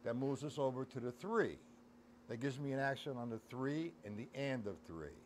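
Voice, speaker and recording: A man's voice: medium pitch, animated, normal speed, slight background noise. A middle-aged man giving a casual live-streamed drum lesson, counting beats aloud and talking to his chat. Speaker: drum teacher. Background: drum kit playing.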